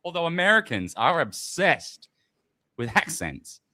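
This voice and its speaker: A man's voice: on the high side, sing-song, measured pace, sharp tone, no echo. A man with an Australian accent in brash, swearing casual chat who laughs often.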